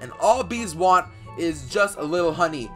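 A young man doing dramatic Minecraft role-play commentary, excitable and rambling with fillers, bursting into loud outbursts. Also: fairly high pitch, moderate pace. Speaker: YouTuber playing a bee in Minecraft. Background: faint background music.

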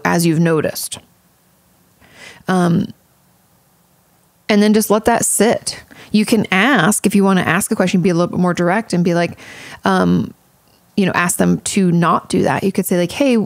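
Chatty, frank woman with a gravelly edge. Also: fairly low pitch, darkish tone, dry recording. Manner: chatty, frank, swears casually, many fillers. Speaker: podcast host and therapist. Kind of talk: casual advice podcast.

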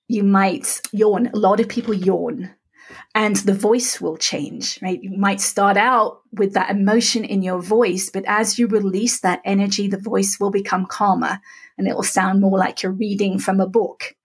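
A woman's voice: mid-range voice, husky. A middle-aged woman, a podcast guest, patiently walking the listener through a tapping technique step by step and speaking the practice phrases aloud. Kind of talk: calm step-by-step instruction.

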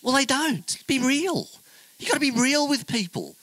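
A middle-aged pastor preaches in a chatty, joking storytelling style, acting out the people in his story. His voice is bright and ringing, and it swings up and down a lot. The sound is close and dry, with almost no room echo. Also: very high voice, big pitch swings, moderate pace. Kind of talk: sermon with storytelling.

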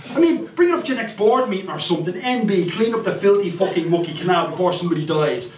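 A man with a Dublin accent delivers a foul-mouthed comic monologue, spinning his tale with lively bursts of indignation. His voice sits high for a man. The recording is roomy and distant, with a faint hiss of noise behind it. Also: fast. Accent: Irish, Dublin. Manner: profane, animated storytelling with sudden outbursts. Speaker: performer.

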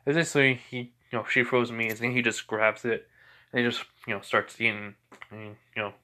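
A man's voice: mid-range voice, steady tone, brisk, pushed and bright. Young guy retelling a fan story, rambly, lots of um and basically. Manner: rambling, many fillers and restarts.

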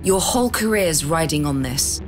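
A woman's voice: deep voice, expressive, normal speed, music in the background. A woman narrating a podcast in scripted style, addressing the listener directly with questions.

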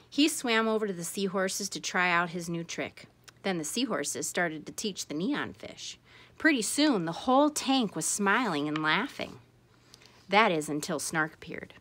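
Bright, lively woman reading to kids. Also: lowish voice, measured pace. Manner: expressive, animated character voices. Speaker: storytime reader. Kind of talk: read-aloud storytelling for children.

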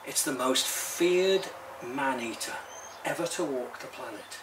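A man reading a children's story aloud in a lively, expressive way, talking to a few listeners by name. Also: medium pitch, measured pace, a little hiss or hum.

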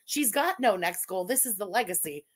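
A woman's voice: medium pitch, expressive, moderate pace. A woman streamer giving crude, mocking live reaction commentary, thanking super chats and often laughing.

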